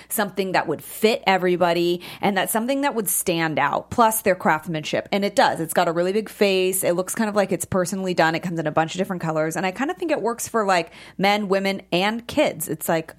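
A young woman co-hosts a relaxed talk show, rambling happily through giveaways and dating stories. Her voice sits a little low, and her speech is full of "like" and easy fillers. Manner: chatty, lots of fillers like "like". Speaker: podcast co-host. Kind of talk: casual chat.

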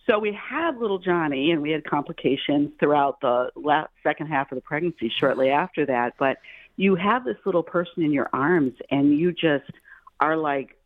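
A middle-aged woman, a fertility doctor, telling personal stories in a casual chat, animated and acting out the voices of the people she quotes. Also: low-pitched, normal speed, no room sound. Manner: animated, acts out quoted voices, repeats words when excited. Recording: tinny phone line, dry.

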